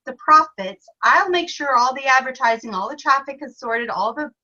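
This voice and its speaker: A woman's voice: sits high, normal speed, pushed and bright. A woman guest in a conversational interview, explaining things earnestly with examples. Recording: dull lo-fi sound.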